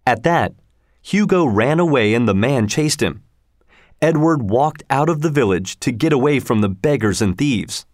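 A man narrating a storybook aloud in a measured, expressive way. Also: medium pitch, no room sound, studio quality.

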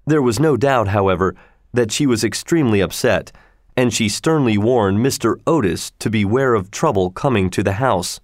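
A man narrating a storybook in a measured, even reading voice. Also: on the low side, no echo, clean studio sound. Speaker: audiobook narrator.

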